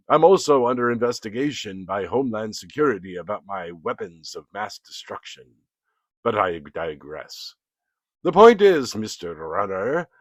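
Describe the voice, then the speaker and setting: A man's voice: mid-range voice, dry recording, voice pushed up. A man voicing a pompous male cartoon coyote who calls himself a genius, delivering a theatrical performance poem. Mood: defeated. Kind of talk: performance poetry. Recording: dull, dry recording.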